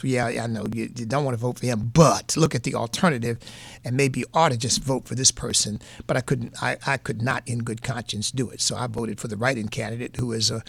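A man's voice: mid-range voice, vocal fry, no room sound. A man with a New England accent giving earnest, folksy political commentary as a radio host, repeating points for emphasis.

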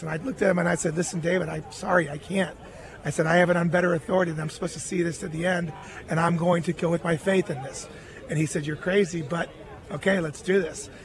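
High-voiced man telling an earnest story. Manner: earnest storytelling, quoting others in his own voice. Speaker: guest, former baseball catcher. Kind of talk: telling a personal story in a radio interview.

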